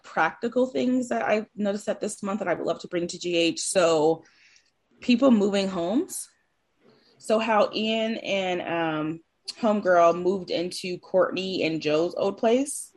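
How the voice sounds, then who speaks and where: Chatty lady podcaster, talks fast in bursts, acts out scenes. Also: medium pitch. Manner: chatty, lively, laughs while acting out scenes. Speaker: podcast co-host. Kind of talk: casual chat.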